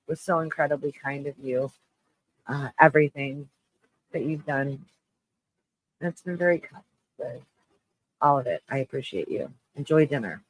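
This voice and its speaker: A man hosting a live stream, chatting with viewers in a low, shaky-voiced mood, halting and restarting as he rambles. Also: poor audio. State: shaky voice, close to tears. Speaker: livestream host.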